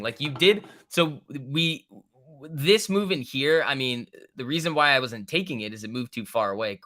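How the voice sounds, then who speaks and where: Bright-voiced man doing casual trading commentary. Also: medium pitch. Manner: loose, profane, bro-talk banter with chat, chuckling. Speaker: stock trading livestream host. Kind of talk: casual live market commentary.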